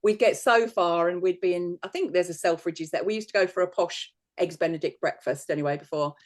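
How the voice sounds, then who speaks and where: A man's voice: high-pitched, a little fast. A man, a psychic medium, telling rambling stories in casual chat and laughing often.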